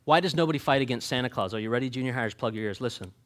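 A man preaching a sermon, folksy and joking, swinging from quiet asides to loud emphatic points. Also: medium pitch, very fast, few pauses. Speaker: pastor.

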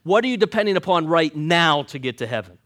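A man preaching a sermon, folksy and joking, swinging from quiet asides to loud emphatic points. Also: on the high side, expressive, quick pace. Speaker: pastor.

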